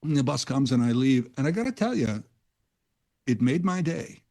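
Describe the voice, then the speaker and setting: Speaking close to a studio mic, a man guest-hosting talk radio drifts through a casual, rambling monologue, owning up to his digressions like a self-aware storyteller. His dark, mellow voice is medium in pitch, swings widely in intonation, and moves at normal speed.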